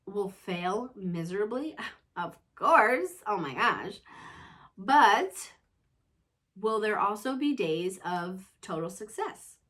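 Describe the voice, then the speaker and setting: Mom talking it out, chatty and earnest, lots of "you know", middle-pitched woman's voice. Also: a bit bright. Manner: conversational, earnest, self-reflective, leans on "you know". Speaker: mother and show host. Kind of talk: casual reflective chat.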